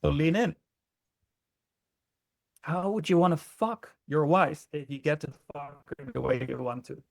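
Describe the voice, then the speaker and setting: A man's voice: a little high, fairly even intonation, a little slow, creaky, no echo, studio quality. A man working as a relationship coach, talking bluntly and emphatically with frequent swearing in an interview. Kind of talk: candid interview conversation.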